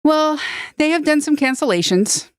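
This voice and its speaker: A woman guest on a podcast, giving a brisk, matter-of-fact news roundup. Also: sits high, animated, dry recording, studio quality.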